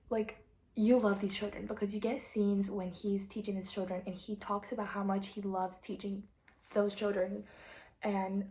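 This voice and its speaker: A woman's voice: medium pitch, a little hiss or hum. Gushing teen girl chatting about a book. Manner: gushing, excitable, many likes, sometimes drops to a whisper. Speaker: book vlogger. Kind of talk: casual chat.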